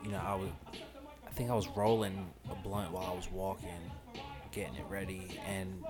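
Young male co-host, low voice, relaxed slangy storyteller, music audible underneath. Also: moderate pace. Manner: laid-back slang storytelling, profane. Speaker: podcast co-host. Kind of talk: casual storytelling chat.

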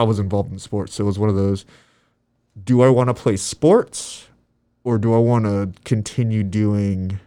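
Twenties guy, kinda low voice, chatty and animated, fades out quiet at the end of his points. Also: no room sound. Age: 20s. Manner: animated storyteller, acts out quotes, trails off softly. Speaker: guest. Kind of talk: casual faith chat.

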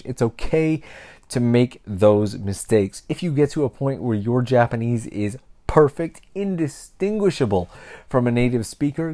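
A man's voice: mid-range voice, darkish tone. A Canadian man hosting a casual solo podcast, talking candidly and reflectively and often correcting himself mid-sentence. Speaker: podcast host.

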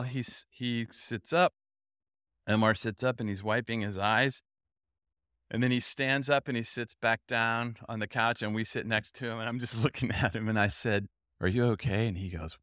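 Animated male storyteller preaching in a dry room. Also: medium pitch, no echo. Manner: animated storyteller, acts out quoted voices. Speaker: speaker at a youth Bible camp. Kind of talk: storytelling sermon.

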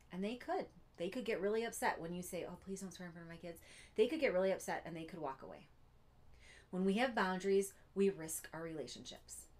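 A woman giving an earnest teaching talk, pausing often to check in with her listeners. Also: on the low side. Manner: earnest, keeps checking in with "Okay?". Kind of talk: teaching monologue.

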